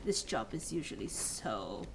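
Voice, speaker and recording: A woman's voice: rumbling low, sing-song, unhurried, noisy background, voice pushed down, heavily acted. Mars, a bossy gum-snapping teen girl, as a woman puts her on. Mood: smug. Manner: drawling, put-on accent.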